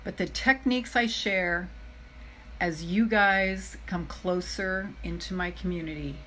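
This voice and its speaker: A woman's voice: lowish voice, bright, forceful tone, a little hiss or hum, poor audio. A middle-aged woman giving a live motivational talk as a self-love coach. She speaks earnestly and chattily, repeats her key phrases for emphasis, and keeps addressing her viewers directly.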